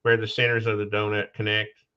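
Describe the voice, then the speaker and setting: A man hosting a casual podcast conversation, talking haltingly with restarts, losing his train of thought and coughing now and then. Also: fairly low pitch, completely flat delivery, sharp tone, smooth. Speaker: podcast host. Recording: dull lo-fi sound.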